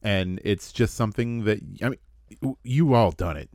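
Animated, self-mocking podcast co-host man. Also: on the low side, normal speed, no echo, studio quality. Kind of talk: casual chat.

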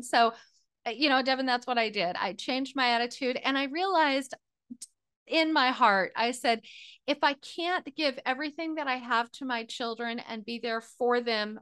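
A middle-aged woman, a podcast guest, telling her personal story in an animated, emotional way, close to tears at times. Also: high-pitched, normal speed, clear, resonant tone.

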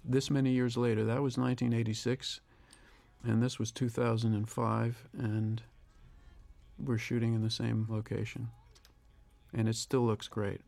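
A man, a film director, giving a reflective audio commentary, thinking aloud with pauses and restarts. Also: mid-range voice, little pitch movement, gravelly, darkish tone, no room sound.

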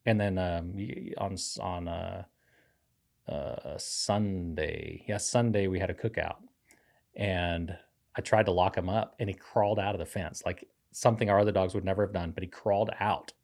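Low-voiced pastor telling a rambling story. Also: male voice, steady tone, normal speed, creaky, a little mellow. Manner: rambling storyteller, self-teasing, laughs often. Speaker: pastor, podcast co-host. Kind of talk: casual chat.

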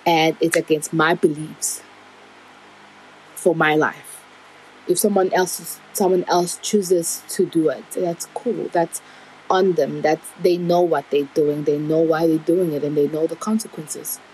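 A woman's voice: low-pitched, fairly even intonation, unhurried, a little mellow, slight background noise, low-quality recording. A young woman telling a personal story in a candid, rambling, emotional way. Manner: candid, rambling, emotional retelling with nervous laughs.

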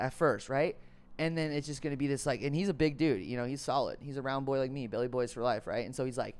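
Smooth-voiced man rambling profanely. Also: mid-range voice, fast talker, darkish tone. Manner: profane, rambling, jokey, acts out quotes. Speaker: podcast host. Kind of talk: casual storytelling monologue.

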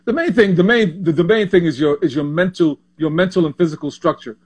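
Telling stories as an interview guest in an easygoing conversation, this former pro basketball player from Panama is in his sixties. His fairly high voice is animated, with many repetitions and restarts as the memories flow.

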